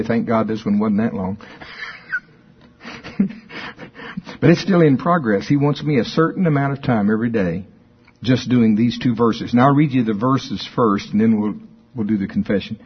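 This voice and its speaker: Male preacher, husky, chatty and repetitive, dull lo-fi sound. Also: medium pitch, moderate pace. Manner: conversational, repetitive, chuckles often. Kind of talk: informal sermon with spoken confessions.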